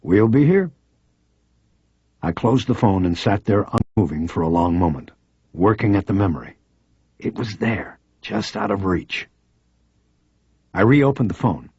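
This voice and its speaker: A man's voice: sits low, animated, moderate pace, a little mellow, husky, no echo. A man narrating a crime novel in the first person, in a terse, brooding way. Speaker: audiobook narrator. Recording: dry, slightly dull audiobook recording.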